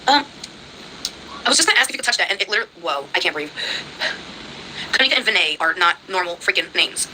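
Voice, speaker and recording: A woman running a spirit box session, excitable and exclaiming as she reacts. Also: mid-range voice, very fast, slight background noise, low-quality recording.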